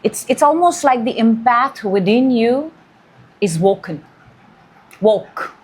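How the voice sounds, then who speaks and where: A woman's voice: on the high side, animated, slow pace, darkish tone, breathy edge. A woman giving a weekly tarot reading, musing and intuitive, drawing out key words. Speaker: tarot reader.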